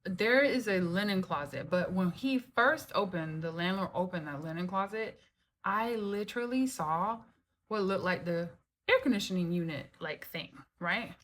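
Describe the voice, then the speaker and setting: Animated woman telling a wild story. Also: lowish voice, normal speed. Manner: animated, expressive, with frequent "like" and "right?" and casual swearing. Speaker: vlogger telling a personal story. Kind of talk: casual storytelling to camera. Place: indoors at her home.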